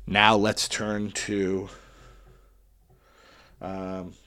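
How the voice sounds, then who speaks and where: A man's voice: lowish voice, completely flat delivery, drawn-out words, pushed and bright, dry recording. A man casually talking through his picks for a wrestling tournament, chatty and thinking aloud as he goes. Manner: chatty, thinking aloud while picking winners. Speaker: wrestling podcast host. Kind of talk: casual solo commentary.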